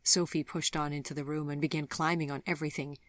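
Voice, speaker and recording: A woman reads a gentle fairy tale aloud with soft, measured narration. Her voice sits low in pitch, and the recording is close and dry. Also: level tone, no room sound. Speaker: audiobook narrator. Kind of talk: scripted narration.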